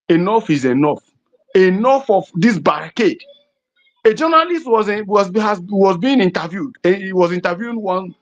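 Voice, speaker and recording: Fiery Nigerian woman on dull lo-fi audio. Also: lowish voice. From southeastern Nigeria. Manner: fiery, emphatic, rises to shouting. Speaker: host. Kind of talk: impassioned political commentary.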